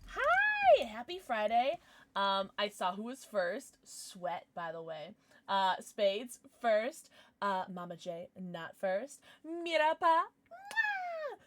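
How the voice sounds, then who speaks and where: A woman's voice: medium pitch, lively intonation, slow pace, dry recording. A woman hosting a casual livestream, bubbly and chatty as she greets her viewers by name and blows them kisses. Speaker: livestream host.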